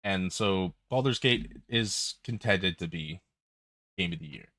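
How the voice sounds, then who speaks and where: A man's voice: low-pitched, expressive, unhurried, sharp tone, no room sound. A man hosting a podcast, talking casually and bluntly with frequent ums. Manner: blunt, candid, with filler ums. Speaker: podcast host.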